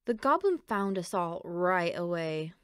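A woman reading a children's picture book aloud in a gentle, expressive storytelling voice, close to the mic. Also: fairly low pitch, unhurried, smooth, no room sound. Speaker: storybook reader.

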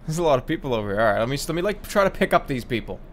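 A man's voice: medium pitch, sing-song, racing, slight background noise. A man giving sarcastic, exasperated let's play commentary, swearing and laughing at a glitchy game. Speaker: gaming commentator.

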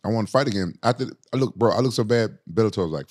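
A man's voice: medium pitch, quick pace, few pauses. A middle-aged man, a fighter guest, telling stories in casual chat with lots of swearing. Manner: animated, profane storytelling.

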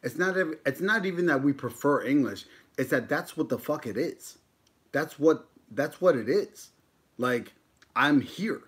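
A man's voice: on the high side, lively intonation, measured pace, a bit bright. A man in his thirties from the United States, chatting casually and joking while eating on a live stream, swearing freely. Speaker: mukbang YouTuber.

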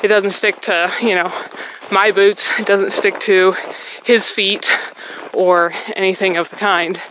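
A woman's medium-pitched, somewhat bright voice comes across flat and measured, and the audio is poor with some hiss or hum. She narrates a casual vlog while walking her dog outdoors on a snowy trail, a little out of breath, chatty and full of praise for the dog.

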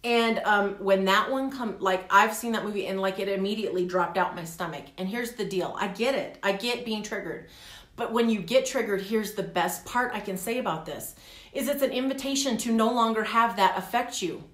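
A middle-aged woman talking candidly in a personal vlog, animated and laughing often. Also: medium pitch, moderate pace, reverberant. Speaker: vlogger. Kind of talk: casual personal vlog talk.

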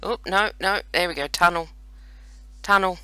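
Playing a video game, this Australian let's player in his forties keeps up a running stream of playful, self-deprecating chatter. His voice is high, smooth, pushed and bright, at a moderate pace in a dry recording.

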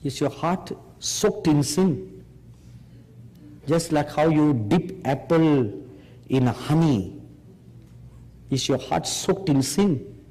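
A man preaching a sermon, slow and emphatic, pressing his listeners with rhetorical questions. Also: a little high, dark tone. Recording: long hall reverb.

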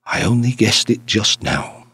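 A man's voice: on the low side, lively intonation, a little slow, husky, heavily acted. A man voicing a small, shrewd priest detective in an audiobook, speaking dryly and demurely. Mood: urgent. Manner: dry, demure, quietly shrewd.

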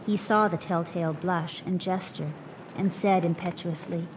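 Woman reading a story over hiss. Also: lowish voice. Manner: measured, expressive narration. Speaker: reader. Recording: noisy recording with hiss.

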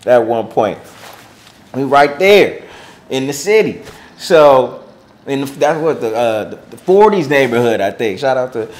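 Middle-aged man, interview guest, slangy casual storyteller who acts out quotes loudly. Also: mid-range voice. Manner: animated, acts out quotes in raised voice; slangy, filler-heavy speech.

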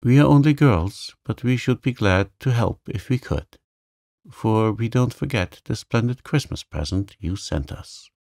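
A man's voice: mid-range voice, expressive, measured pace, vocal fry, few pauses, a little mellow, no echo, clean studio sound, pitched above the performer's own voice. A man doing a blunt, eager young girl. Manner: polite, short answers ending in "sir".

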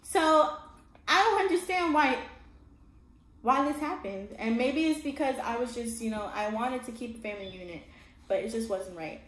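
A woman's voice: fairly high pitch, a little fast. Emphatic woman in an echoey room. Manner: emphatic, keeps checking in with "all right?" and "okay?". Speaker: vlogger telling her own story. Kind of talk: casual storytime monologue. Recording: echoey room with faint background hum.

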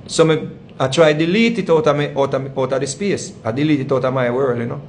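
Talking fast at a medium pitch, a Jamaican-accented man hosting his channel tells a long story in a casual monologue. He rambles and repeats himself in heavy patois, and there's slight noise behind him.

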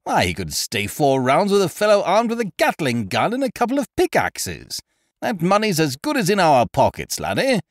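A man playing a loud, swaggering young fight manager from a storybook. His talk is hearty and boastful, full of grand schemes. His pitch swings widely, and the recording is close and dry. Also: huge pitch swings, moderate pace, dry recording. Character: exuberant, blustering young male boxing manager.

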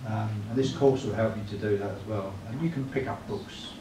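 A man's voice: fairly low pitch, fairly quick. A man giving a church evangelism talk, chatty, often asking the room tag questions. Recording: echoey room, mic far off, clear noise.

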